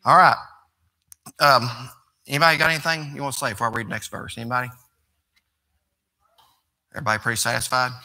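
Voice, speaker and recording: A man's voice: mid-range voice, fairly even intonation, fast, pauses often, bright, forceful tone. A man, preaching a sermon as pastor in a folksy, conversational way that rises to emphatic preaching.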